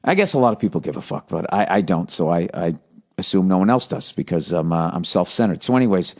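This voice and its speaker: A man's voice: low voice, lively intonation, fast. A man in his forties with an American accent, riffing profanely through a comedic podcast monologue and reading aloud with mock outrage. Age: 40s. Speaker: podcast host.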